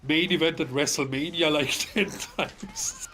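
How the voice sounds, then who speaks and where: A man's voice: fairly high pitch, fairly even intonation, a little slow, pushed and bright, soft background music. A man chatting casually on a podcast, rambling through a long story with plenty of fillers, stammers and swearing. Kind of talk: casual chat.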